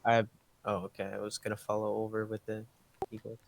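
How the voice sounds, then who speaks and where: Halting player man. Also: lowish voice, monotone, gravelly, no echo.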